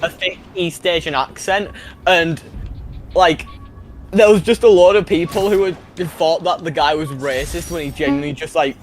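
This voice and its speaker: A man from northern Britain rambles as a stream guest, leaning on fillers. His voice sits a little high. A faint hiss runs behind him. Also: moderate pace. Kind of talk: casual chat.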